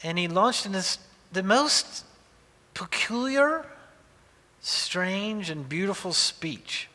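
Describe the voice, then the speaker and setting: A man's voice: high voice, animated, slow, sharp tone. A pastor in his forties giving a conversational sermon, telling stories with frequent restarts. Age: 40s. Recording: long reverb of a large hall.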